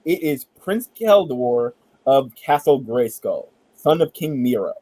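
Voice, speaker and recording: A man hosting a casual entertainment chat, retelling a backstory in an animated, joking way and swearing casually. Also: medium pitch, a little slow, poor audio. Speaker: podcast host.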